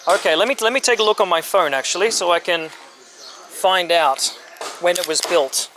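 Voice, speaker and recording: A man filming a casual travel vlog outdoors at a street-side car yard, chatty and upbeat, speaking slowly and simply when he talks to locals. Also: high voice, music in the background. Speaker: travel vlogger. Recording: outdoor street noise and passing traffic.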